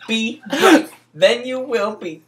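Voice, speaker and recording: Guy hamming up a grandiose rhyming street hustler, slow and rising. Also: extremely high pitch, expressive, voice pushed up, heavily acted. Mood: dramatic. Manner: slow, dramatic, rising delivery.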